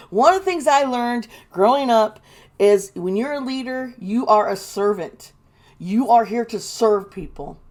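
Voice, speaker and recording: A woman's voice: a little high, animated, slow pace, darkish tone. A woman giving casual, indignant commentary, swearing and mocking the people she quotes. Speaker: tarot reader and commentator.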